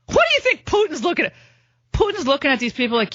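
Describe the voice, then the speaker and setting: A middle-aged woman hosts political talk radio in a sarcastic, mocking monologue. Her voice is high, bright and swings widely in pitch. The studio sound is dry, and the broadcast audio is a little dull. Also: very animated, dry recording. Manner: sarcastic, mocking, rapid-fire listing. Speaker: radio talk show host.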